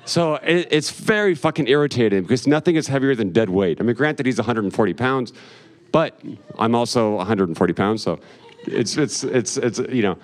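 A man's voice: mid-range voice, brisk. A male stand-up comedian on a club stage, cursing freely through a rambling, self-mocking story. He is in a middling register and chuckles at his own lines.

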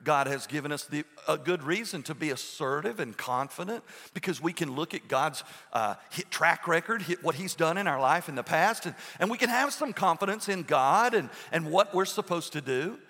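A man with a high, bright voice preaches earnestly in a long echoing hall. He pauses often and restarts his sentences as he presses his point home. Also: lively intonation. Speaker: pastor. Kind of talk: sermon.

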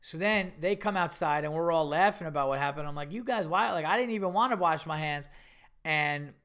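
Animated profane man telling a story. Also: on the high side, brisk, smooth. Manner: rambling, profane, animated retelling with quoted voices. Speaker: podcast host and comedian. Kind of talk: casual storytelling monologue.

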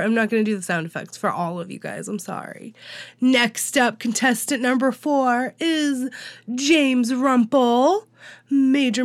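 In a dry recording with no room sound, a nasal, high-pitched woman reads out the news on her podcast while nursing a cold. She keeps things chatty and pokes fun at herself throughout this casual update.

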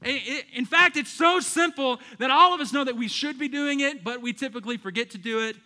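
A man's voice: very high-pitched, a little fast, bright, forceful tone, in a large hall. A man preaching a sermon as pastor, emphatic and calling out to his congregation. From American South.

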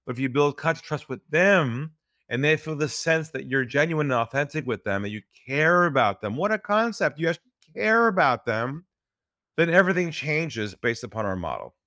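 A man's voice: sing-song, moderate pace, bright, forceful tone, dry recording. Male podcast guest, sales trainer; earnest storyteller, dry booth sound. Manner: earnest, drops his voice low for stories.

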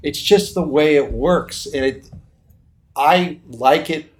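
A man's voice: on the high side, takes it slowly. A man from the US East Coast hosting a podcast, telling stories in casual chat with lots of swearing. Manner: animated, profane storytelling. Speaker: podcast host.

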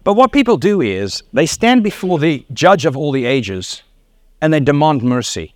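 Brief: South African man in his middle years, sermon storyteller, slightly high voice, dry close sound. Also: big pitch swings, moderate pace, no echo. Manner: storytelling with laughs and acted quotes. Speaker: pastor.

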